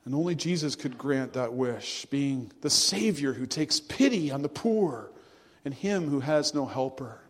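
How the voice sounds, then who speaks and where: A man preaching a sermon to his congregation, earnest and measured, drawing out words for emphasis. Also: medium pitch, lively intonation, long reverb tail. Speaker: pastor.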